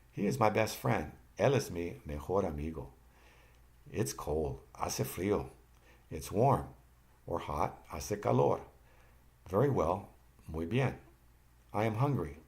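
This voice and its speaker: Deep-voiced man teaching a lesson. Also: a little mellow. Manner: patient, repeats phrases for learners to copy; occasional restarts and self-corrections. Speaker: language teacher. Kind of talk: slide-based lesson narration.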